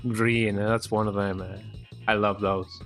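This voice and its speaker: A man's voice: lowish voice, a little slow, soft background music. A man streaming a video game, chatting in a casual, rambling way and ending many lines with "eh?". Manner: relaxed, rambling, tags lines with "eh?". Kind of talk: casual live-stream chat while gaming.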